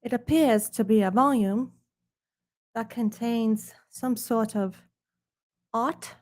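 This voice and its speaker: A woman putting on a shabby snooty British accent to play a pompous, sophisticated presenter of art, speaking slowly and formally with her lower face drooped. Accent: put-on British accent. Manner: pompous, mock-formal and hushed.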